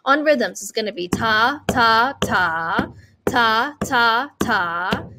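A woman teaching an online music lesson. She chants rhythm syllables and talks students through them in an encouraging way. Her voice is high, with a faint hiss underneath. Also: animated, takes it slowly. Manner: encouraging, checks in with okay.

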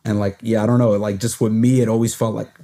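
A young man in a podcast conversation with a deep, mellow voice. He shares personal experiences hesitantly, pausing and restarting often. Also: level tone. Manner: hesitant, many fillers and restarts. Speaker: podcast host. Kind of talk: reflective conversational sharing.

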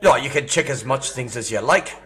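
A man in his sixties with an Australian accent, baiting a scam caller with crude, mocking insults and sudden furious shouting. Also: mid-range voice, animated, a little fast. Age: 60s. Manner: foul-mouthed, mocking, bursts into furious shouting. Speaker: scam baiter. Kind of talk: crude prank call.

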